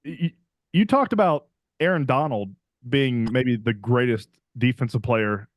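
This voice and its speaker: A man's voice: mid-range voice, a little slow, dry recording, clean studio sound. A young man co-hosting a podcast, chatting eagerly about football and saying "like" a lot. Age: young adult. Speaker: podcast co-host. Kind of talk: casual sports chat.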